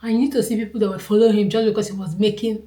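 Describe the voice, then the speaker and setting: A woman's voice: medium pitch, steady tone, fast talker, warm tone. A woman from Nigeria with a Nigerian accent gives her opinion to camera in a casual talk. She is earnest and emphatic and repeats her points for stress. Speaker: vlogger. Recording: roomy echo.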